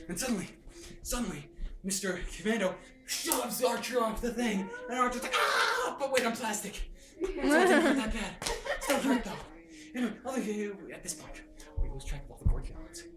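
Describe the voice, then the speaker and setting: A man's voice: extremely high pitch, lively intonation, normal speed. Hyper young man, far from the phone. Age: young adult. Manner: hyper, laughing, makes sound effects. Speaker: brother retelling a movie. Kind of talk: excited casual retelling. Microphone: phone held by his sister. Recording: roomy and far from the phone, with music.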